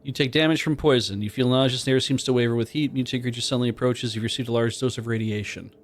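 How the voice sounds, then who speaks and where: A man streaming a modded game, reading the game text aloud in casual commentary and breaking into loud, surprised swearing. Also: mid-range voice, fairly even intonation, fast.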